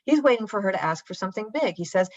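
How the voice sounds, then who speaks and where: A woman preaching in a church and retelling a story in a lively, conversational way, on a dull lo-fi livestream. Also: medium pitch, fast talker, dry recording. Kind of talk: sermon storytelling.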